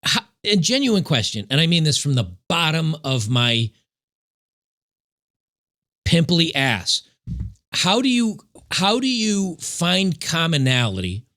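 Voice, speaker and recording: A man's voice: a little high, very animated, slow, long pauses, sharp tone. A man hosting a reaction commentary show, talking in a sarcastic, mocking way. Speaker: commentary host.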